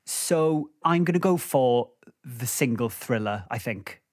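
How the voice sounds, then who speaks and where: A man as a guest on a podcast quiz, chatty and thinking out loud with fillers and playful asides. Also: medium pitch, expressive, unhurried. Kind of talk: casual quiz chat.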